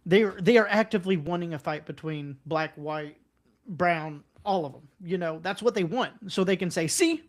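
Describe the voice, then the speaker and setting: A man co-hosting a casual podcast, talking bluntly and conversationally, jumping up in pitch when he quotes others. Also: moderate pace. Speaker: podcast co-host. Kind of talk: casual political podcast chat.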